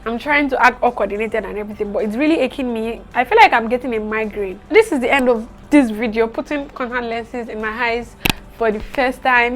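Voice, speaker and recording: High-voiced, dramatic woman vlogger. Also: a little hiss or hum. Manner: dramatic, expressive, chatty. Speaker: beauty vlogger. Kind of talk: casual vlog talk to camera.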